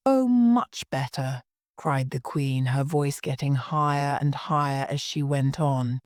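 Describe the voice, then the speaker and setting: A woman's voice: a bass voice, little pitch movement, unhurried, dry recording, clean studio sound. A woman reading a story aloud carefully for English learners.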